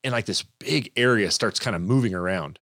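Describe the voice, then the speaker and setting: A man's voice: fairly low pitch, brisk, no room sound, clean studio sound. A young man in casual chat, telling stories with animation and acting out the people in them. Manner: animated storyteller, acts out quoted people.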